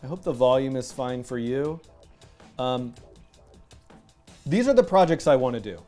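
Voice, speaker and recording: A man hosting a live coding stream, chatting casually, animated and self-mocking, laughing often. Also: medium pitch, a little slow, faint music behind. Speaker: livestream coding host. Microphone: headset with music in his ear.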